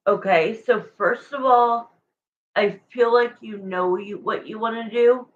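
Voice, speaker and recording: Tarot reader, woman, chatty and emotional, unhurried delivery, slightly muffled audio. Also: a little high, a little hiss or hum. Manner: rambling, chatty, emotional, searches for words. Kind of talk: live-stream tarot reading to viewers.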